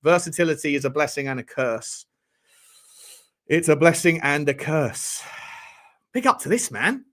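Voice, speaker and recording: Rambling high-voiced bloke. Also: male voice, animated, measured pace, long pauses, fairly bright tone. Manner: rambling, jokey, banters with chat. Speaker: fan channel host. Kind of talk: casual live-stream chat.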